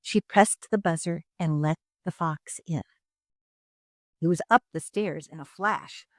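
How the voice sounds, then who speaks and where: A woman reading a children's storybook aloud in an expressive, dramatic narrating style. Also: sits low, measured pace, no echo, studio quality.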